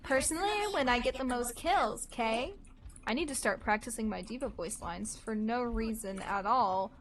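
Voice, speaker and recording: A young woman livestreaming a game, her voice sitting a bit high. She chats loosely with viewers, reads their messages aloud and teases the players she fights. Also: normal speed. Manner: playful and teasing, reads chat aloud and cheers during fights. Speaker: streamer. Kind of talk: casual gameplay chat with viewers.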